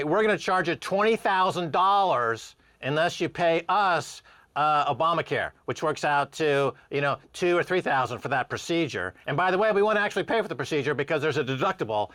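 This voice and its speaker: A man co-hosting a talk show, ranting sarcastically in animated commentary. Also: medium pitch, dry recording. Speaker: co-host.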